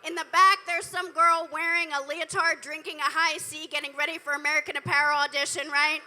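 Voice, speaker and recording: A woman's voice: high voice, fairly even intonation, brisk, bright, forceful tone. A woman doing a live stand-up set on a club stage into a handheld mic, telling stories with dry, profane asides to the crowd. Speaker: stand-up comedian. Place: comedy club stage, indoors.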